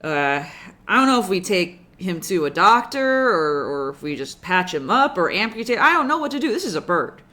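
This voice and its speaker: Game master doing a blunt, flustered companion in a tabletop game, middle-pitched, close to the performer's own voice, with little put-on character. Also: sing-song, moderate pace, sharp tone. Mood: worried.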